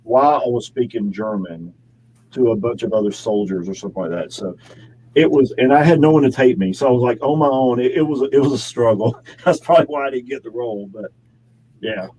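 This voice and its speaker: A man's voice: medium pitch, a little fast, darkish tone, breathy edge, poor audio. A man, an actor and model, chatting as an interview guest in his home studio, rambling through stories with frequent laughs. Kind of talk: casual interview chat.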